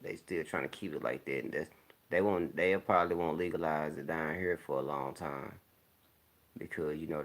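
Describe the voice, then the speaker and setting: Deep gravelly man rambling. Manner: laid-back, rambling, candid talk with frequent throat clearing. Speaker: vlogger. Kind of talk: casual monologue to camera. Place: home, smoking while talking.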